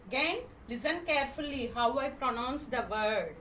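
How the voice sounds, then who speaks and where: A woman's voice: sits high, expressive, bright, forceful tone. A woman with an Indian English accent teaching first graders to read, spelling each word letter by letter, then saying it, and often checking "okay?". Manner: spells words letter by letter, then says them slowly; repeats questions, checks with "okay?". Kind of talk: classroom phonics lesson. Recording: echoey room, mic at a distance, faint noise.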